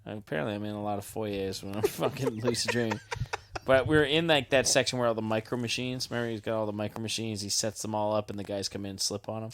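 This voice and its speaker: A man's voice: on the low side, steady tone, fast talker. A man co-hosting a podcast in casual chat, a laid-back storyteller who swears and leans on fillers. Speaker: podcast co-host.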